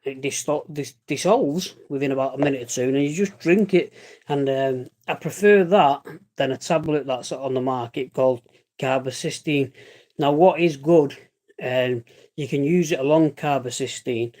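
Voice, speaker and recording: Speaking at a moderate pace in a medium-pitched, slightly dark voice, this British man rambles casually on a livestream, tossing in jokes and the odd curse. He's a vlogger living with a lung condition.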